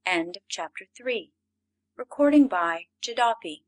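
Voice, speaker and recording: A woman reading a classic storybook aloud as an audiobook narrator, measured and expressive. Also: medium pitch, poor audio.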